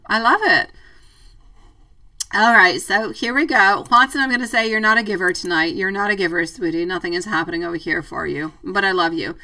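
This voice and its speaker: Brisk and forceful, her mid-range voice carries a bright edge, though the low-quality audio was captured from a distance. The tarot streamer goes through viewers' comments live, laughing frequently and addressing them as sweetie.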